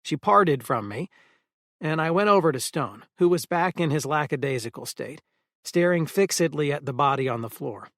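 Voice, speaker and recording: A man narrating a first-person audiobook in a steady storytelling manner. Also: fairly high pitch, moderate pace, no echo, clean studio sound.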